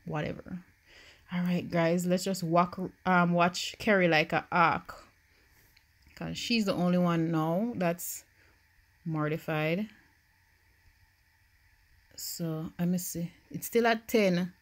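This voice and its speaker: A young woman from Jamaica with a Jamaican accent, giving casual commentary while playing a life-simulation game, swinging from hushed worry to loud excitement. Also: fairly low pitch, slow pace, long pauses. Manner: animated, swings from quiet worry to loud joy. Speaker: gaming YouTuber. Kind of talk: Sims let's-play commentary.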